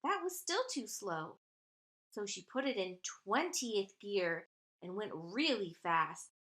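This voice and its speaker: Bright woman reading a children's story. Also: mid-range voice. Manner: expressive, with drawn-out sound effects.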